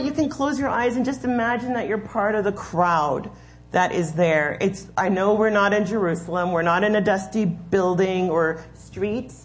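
A woman leading a children's sermon in a church, patiently explaining and giving step-by-step instructions. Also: medium pitch. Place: church sanctuary.

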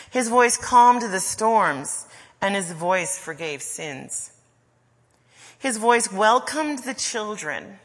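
A woman preaching a sermon, slow and deliberate, with soft trailing endings. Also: mid-range voice, big-room sound.

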